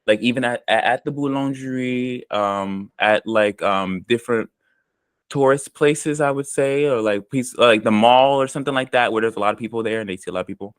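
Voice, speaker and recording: An American man telling stories about his experiences in a relaxed, rambling interview manner, full of ums and likes. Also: mid-range voice, brisk, smooth, no echo. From United States. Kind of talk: casual conversational storytelling.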